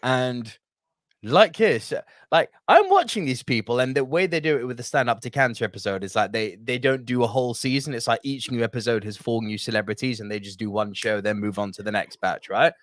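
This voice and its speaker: A man's voice: mid-range voice, fairly quick, fairly bright tone, no room sound, studio quality. A young man co-hosting a podcast, chatting casually with jokey, swearing rants. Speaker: podcast co-host. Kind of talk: casual chat.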